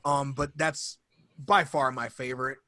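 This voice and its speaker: A man's voice: mid-range voice, steady tone, a little slow, bright, forceful tone. A young man co-hosting a podcast, chatting casually and enthusiastically, rambling and acting out quotes. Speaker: podcast co-host. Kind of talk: casual fan chat.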